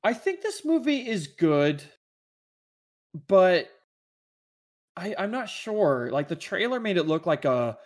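A man's voice: high-pitched, sing-song, takes it slowly, long pauses. Chatty rambling man on a podcast. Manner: rambling, enthusiastic, many restarts. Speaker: podcast co-host. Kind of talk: casual chat about movies.

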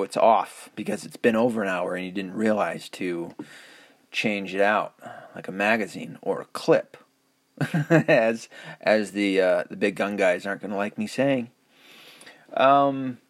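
A middle-aged podcast host with a lowish voice rambles through a casual solo monologue, captured in a dry recording. He swears a lot, chuckles, and drops self-mocking asides.

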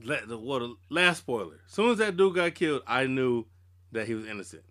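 A man's voice: medium pitch, a little fast. A man co-hosting a podcast, chatting casually and profanely, retelling scenes and quoting his own reactions. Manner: loose, profane, animated retelling with quoted reactions. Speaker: podcast co-host. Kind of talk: casual chat.

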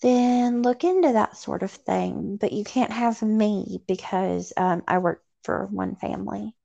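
A woman's voice: medium pitch, unhurried, creaky, dark tone. Southern woman, rambling casual chat. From Tennessee, USA. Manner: rambling, profane, self-deprecating. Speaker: podcast co-host. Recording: dull lo-fi sound.

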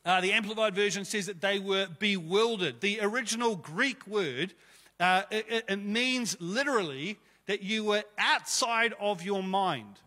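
A man's voice: sits high, unhurried, bright, forceful tone, long reverb tail. A man preaching a sermon to his church, conversational and emphatic, with rhetorical questions. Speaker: pastor.

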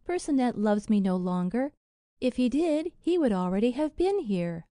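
A woman reading a storybook and voicing a gentle young princess who pleads in sorrow. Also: on the high side, very animated, moderate pace, no room sound, studio quality. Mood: despairing.

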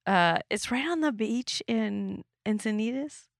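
A woman's voice: fairly high pitch, expressive, a little slow, gravelly, dry recording, clean studio sound. Laughing woman podcast host, casual chat. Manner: rambling, laughs often.

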